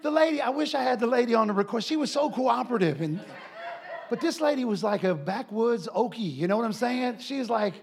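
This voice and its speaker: A man preaching a sermon as a comic story, animated and laughing, often acting out voices. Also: very high-pitched, a little fast, vocal fry.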